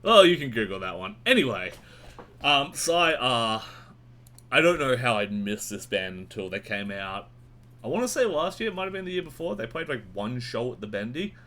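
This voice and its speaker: Rambling, sweary man. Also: normal speed. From Australia. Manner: rambling, sweary and animated, with sudden jumps in pitch. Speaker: music reviewer. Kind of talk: casual monthly album roundup.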